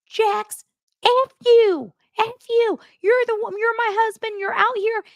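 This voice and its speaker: A furious young wife shouts at her husband in a shrill, high, strained voice, as a woman puts her on. She keeps hammering the same words, right up close on a dry, dead mic. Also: steady tone, slow pace, vocal fry, no room sound, exaggerated voice. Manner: shrill, shouting, repeating herself.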